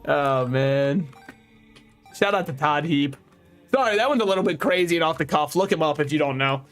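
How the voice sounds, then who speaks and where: Young male streamer, slightly high voice, dry dark humor, casual game commentary over soft background music. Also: normal speed. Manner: sardonic, dark deadpan jokes. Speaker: VTuber streamer. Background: faint game music.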